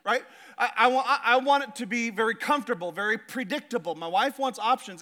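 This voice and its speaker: A male pastor preaching a sermon, telling stories with animation and slowing down to stress his points. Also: very high-pitched. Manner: storytelling, animated, builds to emphatic slow points. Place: church stage.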